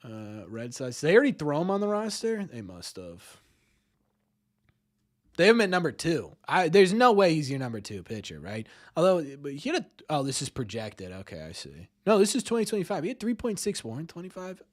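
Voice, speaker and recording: A man's voice: a little high, wildly swooping pitch, brisk. A man hosting a live-streamed sports talk show, rambling, repeating words and ending many lines with "right?". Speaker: podcast host.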